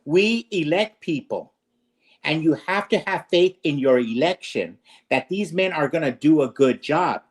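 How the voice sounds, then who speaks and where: A man's voice: a little high, expressive, unhurried. A man lecturing and arguing in a heated political debate, combative and profane, firing off rhetorical questions.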